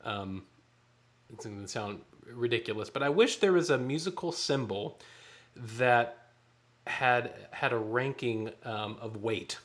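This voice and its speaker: A man's voice: mid-range voice, fairly bright tone. A man leading a choir rehearsal, counting off beats and singing short phrases to show how they go. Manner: counts off beats and sings lines to demonstrate. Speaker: choir director.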